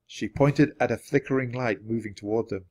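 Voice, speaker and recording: A man reading a children's chapter book aloud at a steady, natural pace. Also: medium pitch, moderate pace. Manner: steady, clear read-aloud pacing. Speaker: storybook reader. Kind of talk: children's storybook narration.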